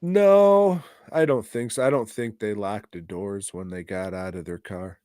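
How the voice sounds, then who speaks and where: A man's voice: fairly low pitch, unhurried, dark tone, no room sound, studio quality. A man co-hosting a podcast, giving a rambling, profane and exasperated movie review in casual chat. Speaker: podcast co-host.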